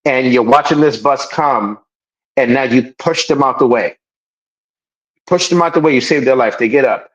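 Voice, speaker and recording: A podcast co-host with a mid-range voice chats casually at normal speed, talking emphatically, repeating himself and restarting sentences. He acts out quoted people in raised voices, and the audio is dull.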